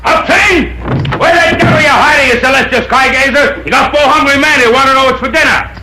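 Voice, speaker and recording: A commanding ranch patriarch, played by a man with an animated, rolling delivery, half scolding and half fond of his grown sons. The sound is an old TV soundtrack with clear background hiss. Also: moderate pace, lightly acted. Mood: booming. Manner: commanding, paternal, booming. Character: warm stern widowed ranch father of grown sons.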